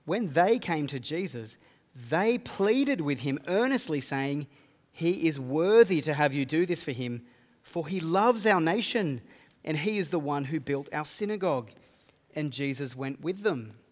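A man's voice: on the high side, lively intonation, measured pace. A man preaching a sermon, reading scripture aloud and explaining it earnestly. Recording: long reverb of a hall.

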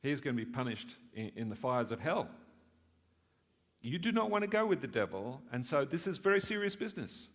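A man's voice: medium pitch, big pitch swings, a little fast, fairly bright tone, in a large hall. A man preaching a sermon in an earnest way, asking rhetorical questions and swelling for emphasis.

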